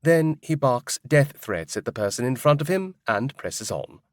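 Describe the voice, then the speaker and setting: A man narrating a fantasy audiobook in first person with a wry, expressive delivery. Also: mid-range voice, a little slow, no echo, studio quality.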